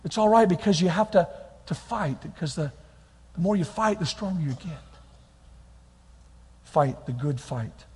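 A man preaching a lively sermon as pastor, swinging between quiet reflection and loud exhortation. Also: fairly high pitch, measured pace, long pauses, slightly rough. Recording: long hall reverb.

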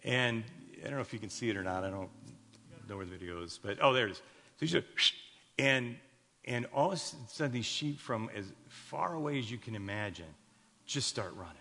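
Fairly quick and expressive, this man's medium-pitched voice sounds pushed and bright as he preaches. He's a pastor in his fifties from Chicago, USA, storytelling in a sermon full of restarts and light jokes for the congregation, recorded with hall reverb.

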